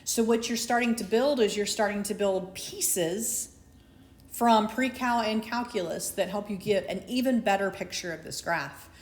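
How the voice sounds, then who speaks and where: A woman's voice: medium pitch, normal speed. Echoey woman teaching calculus. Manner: conversational, asks for agreement with "right?"; lightly sarcastic asides. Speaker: math teacher. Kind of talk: recorded calculus lecture. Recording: echoey room.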